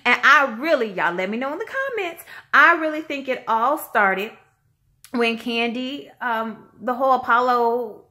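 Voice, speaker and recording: A woman vlogger giving a casual, chatty review, animated and slangy, acting out quotes in shifting voices. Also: on the high side, unhurried. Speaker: vlogger reviewing a reality show.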